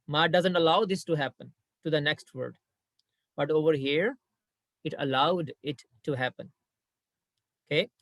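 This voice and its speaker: A man teaching an Arabic grammar lesson patiently, repeating his points and reciting verses quickly. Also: fairly high pitch, a bit bright, no room sound.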